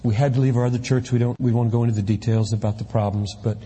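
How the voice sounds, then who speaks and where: A man preaching a sermon from the pulpit with impassioned delivery, at times rising to shouts. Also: mid-range voice, fairly even intonation, quick pace, slightly rough, in a large hall. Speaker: pastor. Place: church sanctuary.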